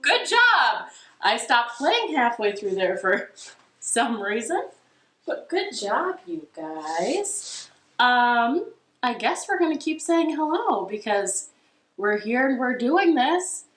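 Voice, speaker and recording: A woman's voice: fairly high pitch, big pitch swings, takes it slowly, a bit bright, soft background music. A young woman with an American accent leading a children's storytime from her living room, playful and self-deprecating as she sings and strums along on a ukulele. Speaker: children's librarian. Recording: echoey home room with ukulele.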